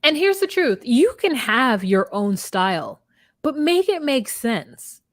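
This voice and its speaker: A woman co-host talks casually and firmly, giving opinions with quick asides. Her voice is recorded dry and close, with no room sound. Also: sits high, big pitch swings, dry recording. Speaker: podcast co-host. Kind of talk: casual recap chat.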